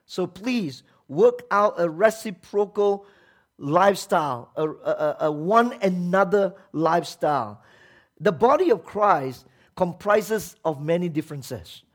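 A man with a high-sitting voice preaches a sermon as a pastor, speaking emphatically. He puts rhetorical questions to the congregation and acts out the voices he quotes.

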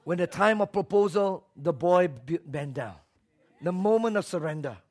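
A middle-aged male pastor preaching a sermon, repeating key phrases and swinging from soft asides to shouted exhortation. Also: high-pitched, lively intonation, normal speed.

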